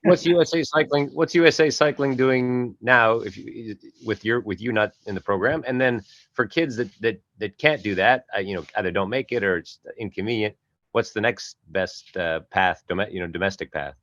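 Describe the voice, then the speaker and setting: A man calling in to ask a question, halting and restarting as he speaks. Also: lowish voice, a bit bright. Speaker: caller asking a question. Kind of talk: audience question. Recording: dull phone line.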